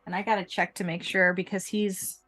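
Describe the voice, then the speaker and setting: A woman running a tabletop game as game master, calm and matter-of-fact as she narrates and rules. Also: fairly low pitch, brisk, soft background music.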